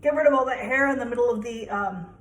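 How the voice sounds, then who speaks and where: Young woman, home cook vlogger, fairly high voice, chatty and rambling, self-deprecating, recorded in an echoey kitchen. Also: quick pace, fairly bright tone. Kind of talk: casual cooking demonstration.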